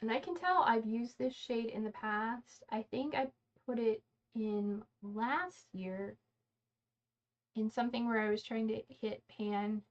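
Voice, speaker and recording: A woman's voice: fairly high pitch, fairly even intonation, measured pace. Chatty woman doing her makeup live. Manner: chatty, rambling, self-correcting. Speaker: beauty livestream host. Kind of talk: casual get-ready-with-me livestream chat. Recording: slightly dull lo-fi sound.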